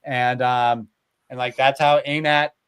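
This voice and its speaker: A man retelling old myths in a casual, animated way, with lots of filler words, as a podcast host. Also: medium pitch, slow pace, smooth. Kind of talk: casual storytelling chat.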